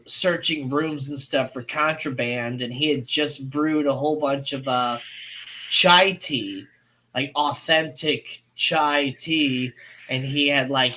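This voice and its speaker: A man's voice: medium pitch, pushed and bright. A man in his thirties from St. Louis, Missouri, co-hosting a casual livestream, rambling with many fillers and laughing often. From United States. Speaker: co-host.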